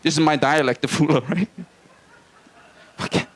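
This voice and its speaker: A man's voice: on the high side, moderate pace. A man from Hawaii doing a live stand-up routine in a small comedy venue, with crude jokes and playful banter with the crowd.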